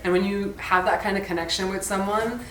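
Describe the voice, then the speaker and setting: A woman's voice: mid-range voice, fairly even intonation, fairly quick. A woman speaking dreamily about a walk with a soulmate. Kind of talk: reflective casual chat. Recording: echoey room, far mic, crowd behind.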